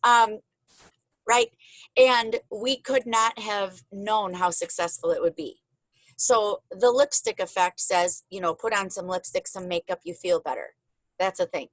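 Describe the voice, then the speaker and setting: A woman's voice: medium pitch, unhurried, no echo, low-quality recording. A woman hosting a casual video call, chatty and openly emotional with her guests. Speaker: host.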